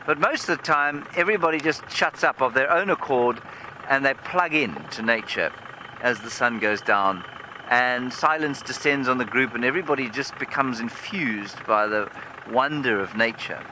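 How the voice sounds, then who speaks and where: A man's voice: mid-range voice, moderate pace. A man working as a safari guide, telling a humorous story live from a game drive vehicle outdoors. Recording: vehicle engine noise outdoors.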